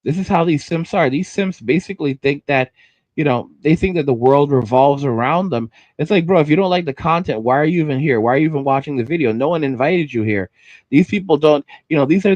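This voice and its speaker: A man's voice: on the high side, fairly quick, darkish tone, no room sound, dull audio. A man hosting a livestream, ranting heatedly and repeating himself as he stumbles over words. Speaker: livestream host.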